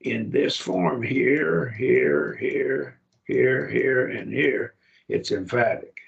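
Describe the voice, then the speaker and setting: A man's voice: mid-range voice, lively intonation, very slow, vocal fry, highs cut off. A man teaching a Greek grammar class, explaining patiently and often checking that students follow.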